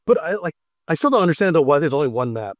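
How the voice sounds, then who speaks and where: A man hosting a podcast, chatting casually and telling animated stories with frequent laughs. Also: a little high, rapid-fire, no echo, studio quality. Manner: animated storyteller who laughs often. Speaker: podcast host.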